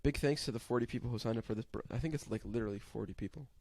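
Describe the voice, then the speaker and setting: Gravelly young man, laid-back podcast host. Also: medium pitch, racing, darkish tone. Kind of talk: casual chat.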